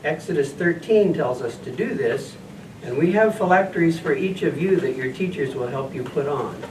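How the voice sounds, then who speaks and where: A man with a voice on the high side, animated yet close to how he normally talks, plays a friendly scribe teacher and farmer for children at church. At a moderate pace, he cheerfully guides them in call-and-response, heard through a distant mic in a noisy, echoing hall.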